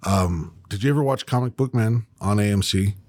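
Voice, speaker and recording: Man, low voice, casual chat full of swearing, animated storyteller, dry close sound. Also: moderate pace, no echo.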